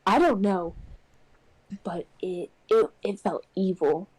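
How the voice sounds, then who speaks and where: A woman's voice: medium pitch, slow, breathy edge, no echo, poor audio. Young woman telling a ghost story. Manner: animated, acts out quotes in raised voice. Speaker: podcast co-host. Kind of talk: casual storytelling.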